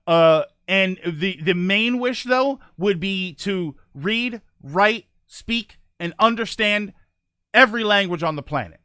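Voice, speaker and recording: Lively, high-voiced man chatting on stream. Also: slow, clear, resonant tone, dry recording, clean studio sound. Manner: rambling, self-correcting, reads chat aloud. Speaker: livestream host. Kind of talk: casual live-stream chat.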